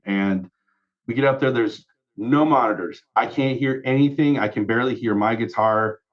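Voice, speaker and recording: A man of medium pitch tells a band story on a podcast with lively energy, slipping into quoted voices and swearing as he goes. The sound is a little muffled and lo-fi. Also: moderate pace. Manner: animated, swears, acts out quotes. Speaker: guest musician.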